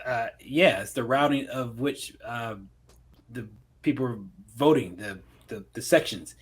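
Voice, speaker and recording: A man's voice: medium pitch, a little slow, breathy edge. A man co-hosting a podcast, telling stories in casual banter and breaking into laughs. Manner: loose, joking storyteller who breaks into laughter. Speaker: podcast co-host.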